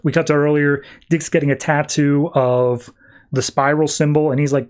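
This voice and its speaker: Retelling a comic book story for his podcast, this host keeps things conversational and sprinkles in "uh" and "he's like." His pitch is fairly high, his tone level, his speed normal.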